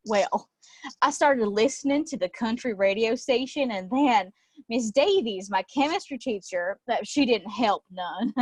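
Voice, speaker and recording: A woman's voice: a little high, no room sound. A woman playing a nervous young man with OCD who stammers and talks in a folksy, put-on Texan drawl, in a live play reading.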